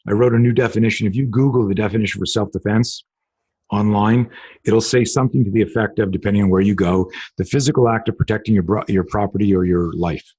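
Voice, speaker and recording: A man's voice: on the low side, darkish tone, slightly rough. A middle-aged man, a self-defense instructor hosting a podcast, telling a story in casual, profane interview talk and acting out the dialogue.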